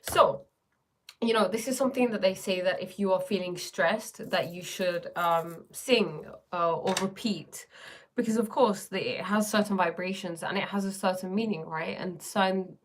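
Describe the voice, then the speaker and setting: A woman's voice: mid-range voice, moderate pace. A woman chatting casually on a livestream, rambling with many fillers and reading viewer comments aloud. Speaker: livestream host.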